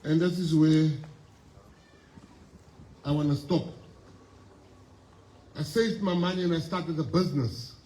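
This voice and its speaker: A South African man in his fifties tells his life story to a school assembly in a slightly raised, mellow voice. He speaks emphatically and repeats phrases for weight. The hall is echoey and has a faint hum of ambience. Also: a little high, steady tone, a little slow, pauses often. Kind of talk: motivational speech.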